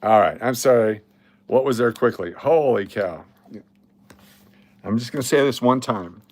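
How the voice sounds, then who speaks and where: A man's voice: medium pitch, expressive, a little slow, a little mellow, no echo. A man hosting a casual livestream, blunt and sarcastic, swearing now and then. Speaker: livestream host.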